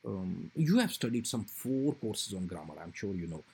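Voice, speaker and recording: A man's voice: fairly low pitch, very animated, normal speed, vocal fry, mellow, husky. A man lecturing on grammar for a recorded lecture, explaining patiently with fillers and repeated examples.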